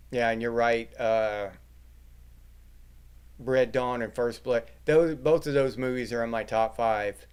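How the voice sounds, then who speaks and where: Middle-aged male host, casual livestream chat, foul-mouthed and joking, clean resonant tone, mid pitch. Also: clean tone. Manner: crude, joking, swearing freely.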